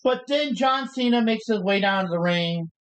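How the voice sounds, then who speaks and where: A woman co-hosting a live review stream, eagerly telling what happened in quick casual chat. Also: on the high side, animated, roomy sound, low-quality recording. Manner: eager, quick storytelling with many "like"s. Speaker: co-host of a wrestling review stream.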